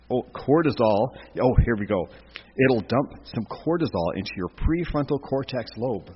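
A man's voice: mid-range voice, lively intonation, normal speed, slight background noise. A man giving a casual, jokey teaching talk to a church class, with lots of restarts. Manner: chatty, jokey, many restarts. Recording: echoey hall, dull lo-fi sound.

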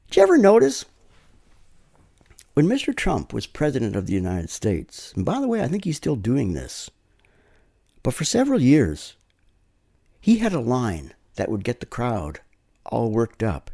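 A man's voice: mid-range voice, very animated, normal speed, mellow. A man preaching a sermon, telling stories conversationally and checking in with "right?" tag questions.

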